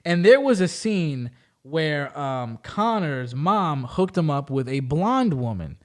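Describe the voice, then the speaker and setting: A man hosting a podcast, telling stories in an animated way, acting out quotes and laughing often. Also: on the high side, slow. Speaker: podcast host. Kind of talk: casual chat.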